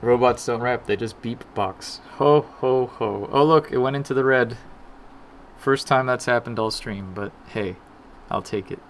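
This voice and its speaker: A man's voice: medium pitch, moderate pace, a little hiss or hum. A man casually chatting on a live dev stream, self-deprecating and muttering to himself as he works. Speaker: game developer streaming his work.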